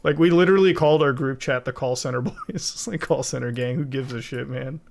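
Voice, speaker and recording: A man's voice: mid-range voice, a little fast, creaky, slight background noise. A young man streaming from home while editing video, chatting casually and rambling with lots of swearing and laughing asides.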